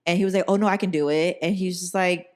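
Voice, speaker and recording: A young woman hosting a podcast, telling a story in animated, profane casual chat and acting out the people in it. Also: lowish voice, fast talker. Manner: animated, profane, acts out quoted voices. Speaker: podcast host.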